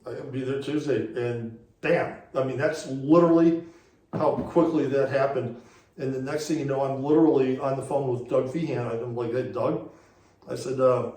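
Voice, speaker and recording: A man's voice: mid-range voice, steady tone, normal speed, a little mellow, reverberant, distant mic, poor audio. A man, a guest on an interview show, telling a story casually and rambling, with lots of repeated "he goes" as he retells conversations. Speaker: interview guest, former racing series director.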